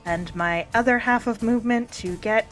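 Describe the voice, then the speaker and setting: A woman's voice: on the high side, normal speed, a bit bright, soft background music. A woman playing in an online tabletop game, carefully talking through her turn step by step. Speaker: player.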